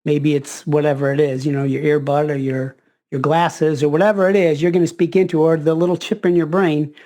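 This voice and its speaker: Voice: mid-range voice, little pitch movement, fairly quick, dark tone. A podcast host in casual conversation, thinking aloud with restarts.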